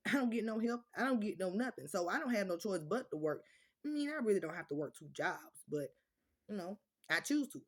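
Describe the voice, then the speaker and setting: Blunt, cussing woman ranting to viewers. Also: on the low side. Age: adult with children. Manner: blunt, profane, animated storytelling. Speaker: vlogger. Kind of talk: casual chat to viewers.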